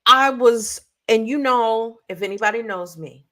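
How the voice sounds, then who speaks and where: A woman's voice: a little high, measured pace, bright, forceful tone. A woman co-hosting a casual podcast, telling stories animatedly with playful sound effects. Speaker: podcast co-host. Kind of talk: casual chat.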